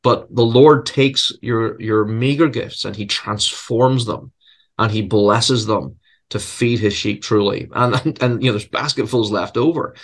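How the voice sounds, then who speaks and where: A seminary professor and preacher with a fairly low voice answers interview questions unhurriedly, earnest and reflective with self-deprecating humor. He often repeats words while searching for the right phrasing.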